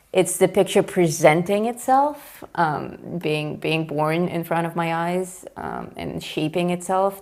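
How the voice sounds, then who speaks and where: A woman's voice: low-pitched, gravelly, darkish tone. A middle-aged woman hosting a live coloring show, chatting casually and explaining her technique while she draws, laughing easily. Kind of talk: casual chat while drawing.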